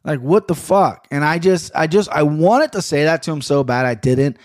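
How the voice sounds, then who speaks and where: A man hosting his own podcast, rambling casually and swearing a lot as he talks into a boom-arm studio mic in his home office. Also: expressive, moderate pace. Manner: rambling, profane, chatty. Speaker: podcast host. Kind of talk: casual solo podcast monologue.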